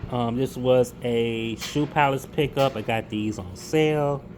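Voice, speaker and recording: A man of middle pitch chats about his sneaker pickups in a loose, unhurried vlog style. He restarts and repeats words, using casual slang. Steady noise runs clearly under his voice.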